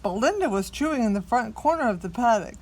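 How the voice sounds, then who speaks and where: A woman reading a picture book aloud to a small child, expressive and coaxing the child to join in. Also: fairly high pitch, fast.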